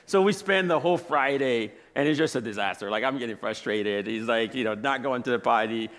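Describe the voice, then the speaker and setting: A man's voice: medium pitch, a little fast, a bit bright. A man in his thirties preaching in a church as a guest speaker, telling personal stories in a casual, chatty way and laughing as he goes. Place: church sanctuary.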